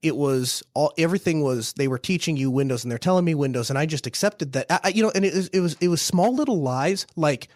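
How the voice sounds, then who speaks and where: A man's voice: on the high side, lively intonation, quick pace, few pauses, dry recording, studio quality. A man in his thirties, a small business owner, telling a long story in casual conversation, with many restarts and repeated words.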